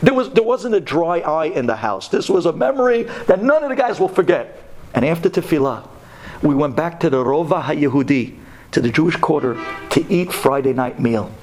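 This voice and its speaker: A man from Brooklyn telling a religious story on the radio, swinging from hushed words to loud, half-sung ones. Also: fairly high pitch, very animated, moderate pace, faint music behind. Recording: radio talk recording.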